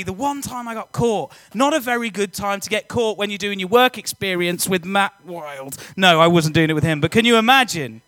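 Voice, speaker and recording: A young man giving a lively, joking personal testimony talk to students, often quizzing the audience. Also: high voice, normal speed, hardly any pauses, no room sound. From England. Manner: energetic, jokey, audience-engaging. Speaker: youth speaker.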